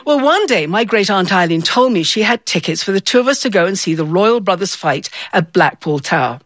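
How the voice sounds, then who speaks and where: A woman's voice: medium pitch, lively intonation, a little fast, no room sound. A woman telling a personal story to an audience, acting out the voices of the people in it. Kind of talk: live storytelling performance.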